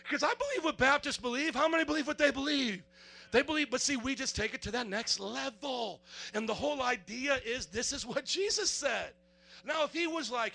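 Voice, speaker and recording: A pastor with an extremely high, gravelly voice preaches a little fast to his congregation in church. Full of energy and comedy, he acts out small scenes and builds to shouting.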